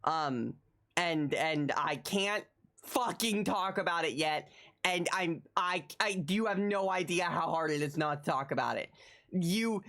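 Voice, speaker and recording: A woman streaming live, chatting casually in an excitable, rambling way and repeating her phrases. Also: fairly low pitch, a little slow. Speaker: livestreamer.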